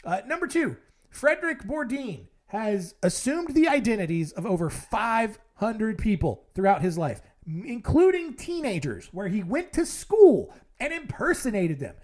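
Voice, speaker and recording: Rambling man with a lively voice. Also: sits high, unhurried. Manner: rambling, wry, lots of fillers. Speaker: podcast host. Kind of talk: casual podcast recap.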